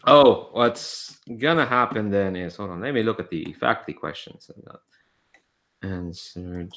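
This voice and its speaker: A man's voice: on the low side, unhurried, a bit bright. A man narrating as game master of a tabletop game, loose and hesitant with fillers.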